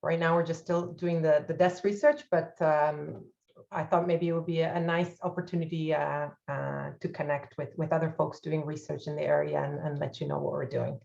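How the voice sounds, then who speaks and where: A woman presents her organization's policy work in an online workshop, pausing often on fillers. Her lowish voice comes through a dull, muffled video-call line. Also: steady tone, gravelly, a little mellow. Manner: hesitant, many "uh" fillers.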